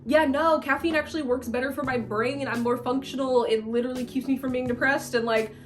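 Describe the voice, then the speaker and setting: A woman's voice: sits high, steady tone, brisk. Emphatic woman in her late twenties. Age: late 20s. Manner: emphatic, blunt, repeats lines for effect. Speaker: vlogger. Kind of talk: casual advice vlog.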